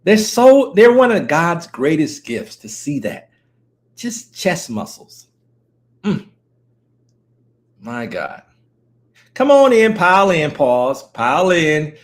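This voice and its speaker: A man with a slightly higher voice than most talks loosely on a live stream. He rambles, cracks jokes and calls out to viewers by name in a relaxed, offhand way. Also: slow, long pauses. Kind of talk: casual live-stream chat. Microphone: streaming setup mic.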